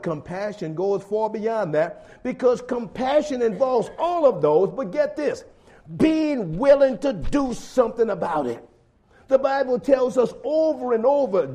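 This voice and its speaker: A man preaching a sermon to his congregation, pressing key words hard, then dropping low and quiet, calling his listeners folks. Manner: swings between loud stressed phrases and low quiet asides.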